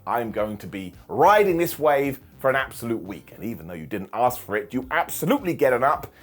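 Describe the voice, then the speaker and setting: A man hosting a wrestling review, recapping with sarcastic jokes and quick asides. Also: medium pitch, very animated. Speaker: wrestling show reviewer and host. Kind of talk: animated comedic recap.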